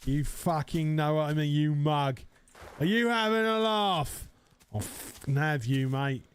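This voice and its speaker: A man's voice: fairly high pitch, measured pace, slight background noise, natural voice. A man putting on a cocky Essex metalhead lad. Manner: cocky, swearing, mocking.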